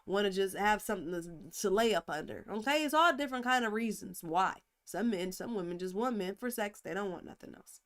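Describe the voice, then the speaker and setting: A woman hosting a casual relationship advice talk, emphatic and animated, acting out little scenes as she goes. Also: medium pitch, fairly quick, hardly any pauses. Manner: lively, emphatic, acts out examples. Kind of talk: live-streamed advice talk.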